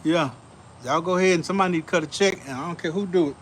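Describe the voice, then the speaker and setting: A man hosting a casual show, telling stories in an animated, laughing, slangy way, outdoors on a back porch. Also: fairly high pitch, racing, slight background noise. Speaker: show host. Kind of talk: casual storytelling chat.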